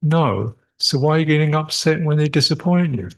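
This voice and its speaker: A man's voice: fairly high pitch, normal speed. An older man, a Buddhist monk, answering questions at a meditation retreat, reflective, repeating short phrases and chuckling often. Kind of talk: retreat Q&A dharma talk.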